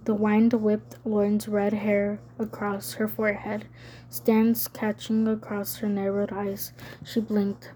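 A woman reading a novel aloud as an audiobook narrator, measured and even. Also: medium pitch, a little hiss or hum. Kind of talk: scripted narration.

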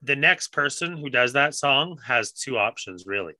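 A man co-hosts a podcast in a laid-back, reflective chat, with some casual swearing. His voice is very bright and sharp, and the recording is dry and close. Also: medium pitch, expressive, normal speed, dry recording, poor audio. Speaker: podcast co-host.

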